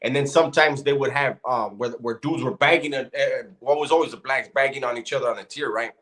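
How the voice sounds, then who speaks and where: A man's voice: medium pitch, a little fast, a bit bright. A man telling a prison story in casual, profane chat, building up to the punchline. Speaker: podcast co-host.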